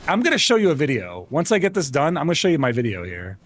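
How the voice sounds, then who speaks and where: An excitable man streams a game and chats with his viewers, laughing often. His voice sits a little higher than most men's. Faint noise hums behind him. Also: fast talker. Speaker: live-streamer. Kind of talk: casual gaming stream chat.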